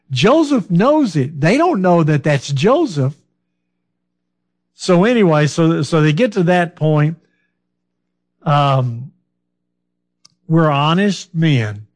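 A man with a somewhat high voice preaches at an unhurried, deliberate pace. He talks through scripture in a plain, conversational way, putting questions to his listeners and restarting his sentences as he goes. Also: very animated. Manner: fillers and restarts, loses his train of thought. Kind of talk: sermon.

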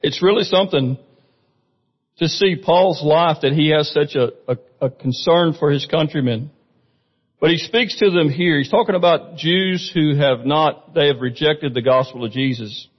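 A man's voice: on the high side, moderate pace, husky. A man preaching a sermon in a conversational way, often asking the congregation questions. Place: church sanctuary. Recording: muffled recording with long hall reverb.

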